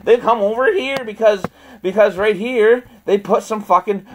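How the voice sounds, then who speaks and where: A man's voice: sits high, normal speed, rough recording. A man ranting at length in a profane, rambling, repetitive vlog, with bursts of frustrated laughter. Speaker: vlogger. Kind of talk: angry ranting monologue.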